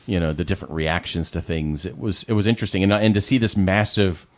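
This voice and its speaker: A man in casual film chat, talking in a lively, rambling way with lots of "you know". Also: low voice, fast. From Rochester, New York area. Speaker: podcast co-host. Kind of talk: casual chat about films.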